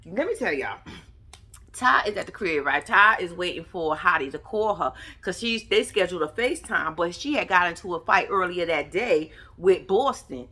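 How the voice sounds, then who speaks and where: A woman giving a profane, sassy, animated recap commentary. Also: lowish voice, normal speed, slightly rough. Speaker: reality TV recap vlogger. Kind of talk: casual commentary.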